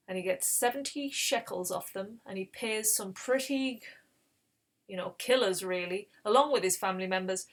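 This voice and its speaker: A woman hosting a Bible reading channel, retelling scripture in a casual, conversational way with explanatory asides. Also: mid-range voice.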